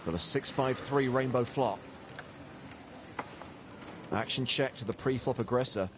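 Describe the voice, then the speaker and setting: A man giving play-by-play sports commentary, brisk and lightly witty. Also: medium pitch, noisy background.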